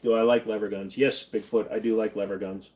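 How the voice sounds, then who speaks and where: A man's voice: lowish voice, level tone, a little fast, darkish tone. A man hosting a casual live-stream Q&A, reading chat questions and answering bluntly in an offhand drawl, tired and in pain. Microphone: desk mic, sitting farther back than usual.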